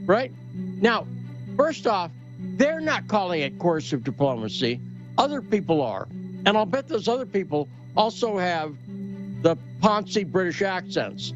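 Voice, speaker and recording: Brief: high-pitched male host, sarcastic and combative, muffled recording with music. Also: sing-song, measured pace. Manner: sarcastic, combative, rhetorical questions. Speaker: podcast host. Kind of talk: opinionated commentary chat.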